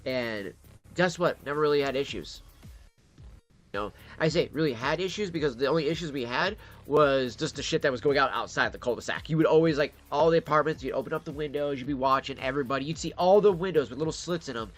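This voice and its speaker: Faint music plays behind a male vlogger from Detroit, Michigan who talks fast in a mid-range voice. He's casually telling a story, swearing freely and acting out the voices of those he quotes.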